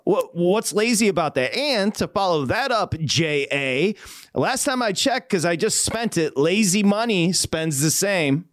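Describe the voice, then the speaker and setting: A man hosts a sports betting talk show in a casual, teasing way, leaning hard on his points. His pitch swings widely and sits a bit high. The sound is dry and close. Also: unhurried, no room sound. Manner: lively, teasing, emphatic.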